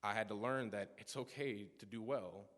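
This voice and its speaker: A man's voice: lowish voice, moderate pace, fairly bright tone. A young man in his teens gives an earnest personal testimony in a church service, telling stories with frequent restarts and asides. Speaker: youth speaker giving a testimony. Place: church sanctuary. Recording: long church reverb.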